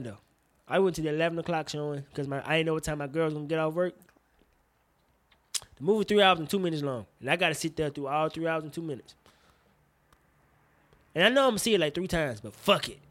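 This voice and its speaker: A man in his thirties co-hosting a casual podcast, talking about movies in an animated, slangy, profane way. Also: a little high. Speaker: podcast co-host.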